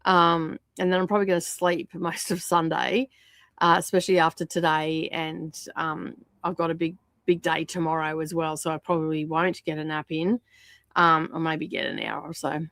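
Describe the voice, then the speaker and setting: A woman hosting a casual livestream, greeting viewers and chatting, her voice croaky from a sore throat. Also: deep voice, fairly even intonation, normal speed, fairly bright tone, no room sound, clean studio sound. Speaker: livestream host. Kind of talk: casual livestream chat reading out viewer comments.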